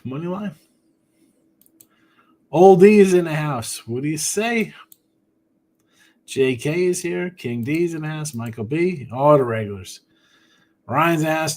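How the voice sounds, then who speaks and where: A man's voice: fairly high pitch, a little mellow. A man hosting a sports betting podcast, chatting casually and reading viewer comments, tired after a short night. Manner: rambling, offhand, talks to chat by name. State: tired, yawning.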